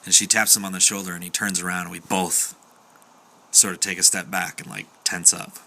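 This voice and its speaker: A young man tells a story in a relaxed, chatty way. His voice is low but very bright, and he slips into the voices of the people he quotes, padding his sentences with fillers. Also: brisk, vocal fry. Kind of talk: casual spoken storytelling.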